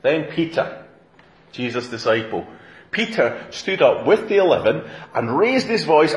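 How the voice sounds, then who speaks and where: A man's voice: on the high side, unhurried. Male minister preaching in an echoey church. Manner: animated storytelling, playful asides. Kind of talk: sermon with scripture reading. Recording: roomy echoing church.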